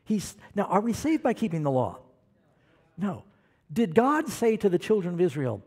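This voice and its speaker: A man preaching a sermon, animated and questioning the congregation, calling for amens. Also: sits high, moderate pace, husky. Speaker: pastor.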